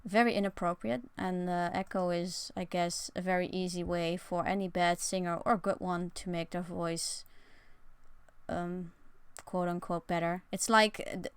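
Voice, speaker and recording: A woman's voice: lowish voice, clean tone, no room sound. A young woman streaming from her bedroom, chatting casually with a rambling, sarcastic and self-mocking manner. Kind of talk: casual live-stream chat.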